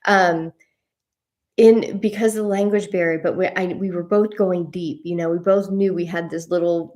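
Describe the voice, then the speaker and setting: A woman's voice: lowish voice, a little mellow. Rambling woman telling a personal story. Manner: rambling, with frequent restarts and laughs. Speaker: host of a spiritual journey series.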